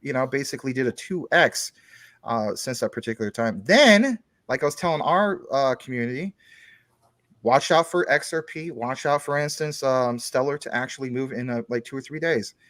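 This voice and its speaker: A man's voice: medium pitch, animated, moderate pace, fairly bright tone, dry recording, studio quality. A man talking as a guest on a casual chat show, explaining things at length through long everyday analogies.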